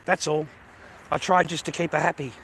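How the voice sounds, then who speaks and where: A man's voice: fairly high pitch, steady tone, brisk, gravelly, fairly bright tone, a little hiss or hum. Aggrieved Australian man ranting, swearing. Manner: aggrieved, heavy swearing, repetitive. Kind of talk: angry personal rant.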